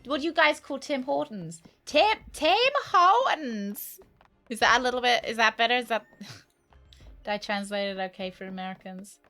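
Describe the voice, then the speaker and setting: A woman's voice: a little high, fairly quick, fairly bright tone, faint music behind. A young woman with a British accent chatting playfully with her viewers while streaming a game. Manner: chatty, playful, teasing banter with chat. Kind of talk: casual let's-play chat.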